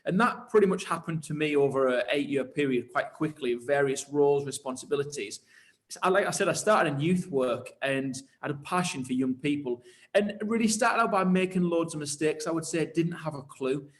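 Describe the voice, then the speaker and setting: A man who leads churches tells his story in an interview with animated enthusiasm. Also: fairly high pitch, brisk. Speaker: church leader and pastor.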